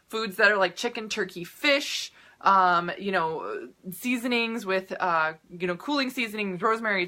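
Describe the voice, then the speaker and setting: In a relaxed live stream, a young Minnesota-accented woman who coaches health and hosts a podcast talks cheerfully with viewers, stumbling through ums and restarts. She has a medium-pitched, sharp-toned voice.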